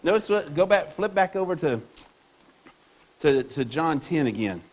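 Man, pastor preaching a sermon, high voice, emphatic, rhetorical questions. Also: lively intonation, a little slow. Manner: reads scripture aloud to the congregation.

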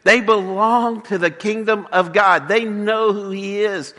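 A man preaching in a church sanctuary with a high, bright, forceful voice. He pushes his points hard, stumbles and restarts, and voices the people in the story. The sound carries a long hall reverb. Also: steady tone, a little slow. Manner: emphatic preaching with repeated restarts and acted quotes. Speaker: pastor. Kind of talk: sermon.

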